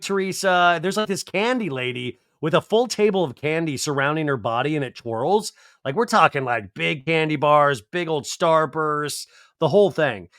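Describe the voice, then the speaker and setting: A man's voice: a little high, fairly bright tone, no echo, studio quality. A man hosting a podcast, recapping a reality show in a chatty comedic way and mimicking the cast's lines. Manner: chatty, acts out cast members' lines in mocking voices.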